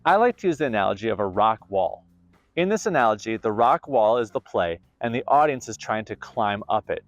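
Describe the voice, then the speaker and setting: Man teaching acting with lively pitch. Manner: clear, deliberate explanatory delivery. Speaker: theater camp host and acting teacher. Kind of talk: scripted instructional narration.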